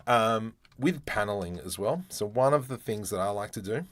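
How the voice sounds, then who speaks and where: A man's voice: fairly low pitch, animated, unhurried, a bit bright. A man from Australia with an Australian accent, chatting and joking as he talks through his work in a live-streamed 3D modeling tutorial. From Australia (Adelaide). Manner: chatty, joking, talks to himself while working. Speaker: 3D artist streamer.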